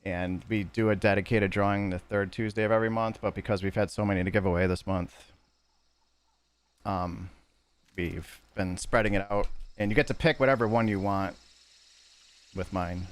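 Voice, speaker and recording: A man's voice: lowish voice, steady tone, moderate pace, clear, resonant tone. A man streaming a video game, chatting casually with his viewers in a loose, rambling way that corrects itself as it goes.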